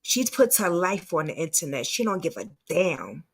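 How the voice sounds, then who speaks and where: Lady talking over clips, lowish voice, chatty and offhand. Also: sing-song, normal speed, breathy edge. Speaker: commentary channel host. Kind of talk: casual commentary.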